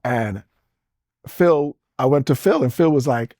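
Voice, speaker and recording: A man's voice: medium pitch, a little slow, dark tone, no echo, studio quality. Rambling Caribbean-born man telling stories. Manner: rambling, jumps between topics, chuckles often. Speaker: interview guest. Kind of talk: casual storytelling interview.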